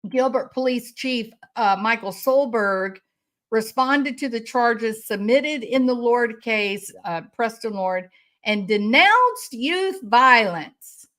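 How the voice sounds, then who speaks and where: A woman's voice: on the high side, animated, takes it slowly, fairly bright tone. A woman commenting on a crime case, angry and indignant, with sarcastic rhetorical questions. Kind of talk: impassioned commentary.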